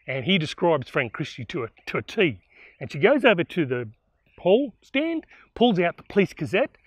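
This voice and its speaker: A man casually retells a historical bushranger tale, animated and full of asides. His voice sits a little high for a man. The sound is dry and close. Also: a little fast, breathy edge, no room sound. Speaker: storyteller. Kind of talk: spoken historical storytelling.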